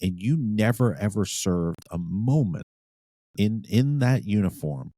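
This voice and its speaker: Deep-voiced ex-sergeant man, blunt and profane podcast co-host, dry sound. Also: lively intonation, measured pace, dark tone, dry recording. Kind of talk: casual podcast chat.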